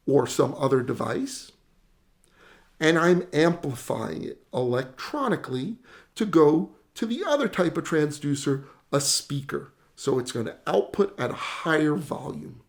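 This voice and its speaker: A man teaching how sound is amplified in an explainer lesson, animated and self-mocking, demonstrating with sound effects and dad jokes. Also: fairly high pitch, measured pace, vocal fry. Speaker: tech educator.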